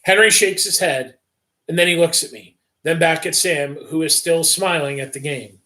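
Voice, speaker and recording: A man reading a first-person story aloud on a livestream, with steady, plain delivery. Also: fairly high pitch, moderate pace. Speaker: story reader.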